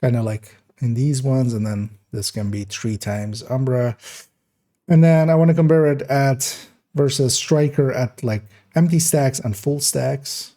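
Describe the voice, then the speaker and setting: A man in casual live-stream commentary, thinking aloud at an unhurried pace as he works through numbers. His voice is gravelly with vocal fry and has a dark, mellow tone, often trailing off into hesitant fillers. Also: medium pitch. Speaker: game streamer.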